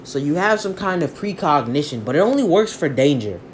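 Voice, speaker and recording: A storyteller rambling through an improvised fan story in a loose, halting way. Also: mid-range voice, big pitch swings, a little hiss or hum.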